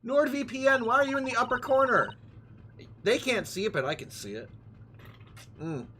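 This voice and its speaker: A man's voice: very high-pitched, expressive, moderate pace, bright, forceful tone, a little hiss or hum. Joking young man streaming a game. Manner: rambling, joking, playful. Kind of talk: casual let's-play commentary.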